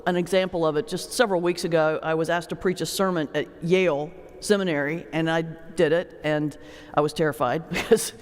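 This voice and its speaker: A man with a Southern US accent, a preacher telling a folksy, animated story on a panel. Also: a little high, fairly quick, clear, resonant tone. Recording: hall reverb.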